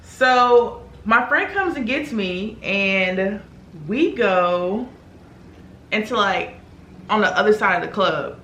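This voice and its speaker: A woman's voice: mid-range voice, slow pace, a little hiss or hum. A young woman telling a story in a casual, chatty way while doing her makeup. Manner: chatty, animated, acts out quoted voices. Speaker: beauty vlogger. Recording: echoey room.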